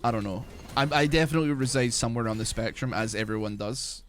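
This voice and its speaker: A man's voice: mid-range voice, fast talker. A young man streaming a video game, chatting casually in a rambling, profane way with many filler words. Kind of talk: casual chat while playing a video game.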